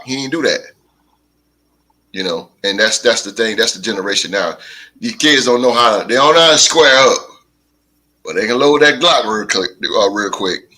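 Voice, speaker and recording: A man hosting a podcast, telling stories in a casual chat with animated delivery and big laughs. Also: fairly low pitch, rough recording. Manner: animated storytelling, drawn-out laughs. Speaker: podcast host.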